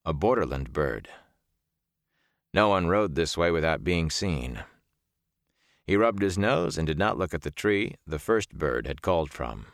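A man narrates a fantasy novel in a steady, measured way. His voice sits very low. The close studio recording is dry, with no room sound. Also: no room sound. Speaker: audiobook narrator.

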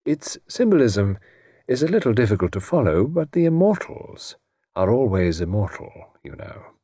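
A calm, knowing gentleman, as a man voices him in an audiobook. His measured delivery rises and falls freely. The voice is slightly husky and dry. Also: on the low side, dry recording.

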